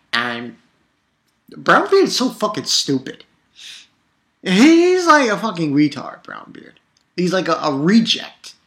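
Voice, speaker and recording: A man's voice: fairly high pitch, bright, forceful tone. A young man casually recapping a cartoon episode, rambling and swearing, with lots of fillers and restarts. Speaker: anime episode reviewer.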